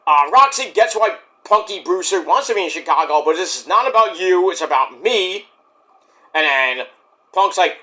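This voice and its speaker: Guy doing a wrestling recap vlog, high bright voice, all over the place, crude jokes. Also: lively intonation. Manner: rambling, crude jokes, quick impressions. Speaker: wrestling show reviewer.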